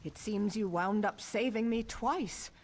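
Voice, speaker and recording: A woman's voice: medium pitch, a little slow, a little mellow, a little hiss or hum, close to an everyday voice. An actress playing a gracious, anxious noblewoman countess in a video game, speaking formally and earnestly.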